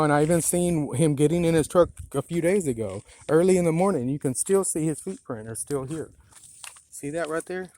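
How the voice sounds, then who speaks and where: A man's voice: fairly high pitch, a little mellow, no echo. Agitated man ranting outdoors into phone. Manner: agitated, profane, rambling with many "you know"s. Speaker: property owner filming a complaint. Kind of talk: angry handheld vlog rant. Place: outdoors on rural land.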